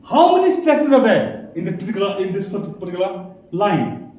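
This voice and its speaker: A man's voice: sits high, animated, moderate pace, mellow. Man lecturing in an echoey classroom. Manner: explanatory, checks in with "okay?". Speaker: teacher. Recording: echoey room, distant mic.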